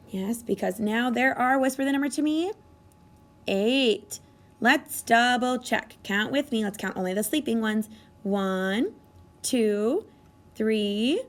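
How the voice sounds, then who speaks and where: A woman teaching a math lesson to young children, speaking in an animated sing-song way and gasping with exaggerated delight as she coaxes answers from them. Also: a little high. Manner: coaxing, encouraging questions to children. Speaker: kindergarten teacher.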